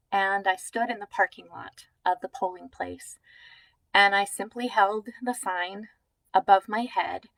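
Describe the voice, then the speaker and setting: A woman telling a personal story with vivid, expressive description. She takes her time, letting each phrase land slowly. The recording is dry, with no room sound. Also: medium pitch, no echo, low-quality recording.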